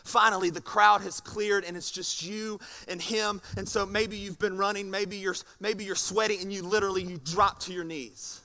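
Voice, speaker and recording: High bright-voiced preacher. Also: male voice, normal speed, hardly any pauses. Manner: animated, repeats words when excited. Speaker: pastor. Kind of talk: sermon.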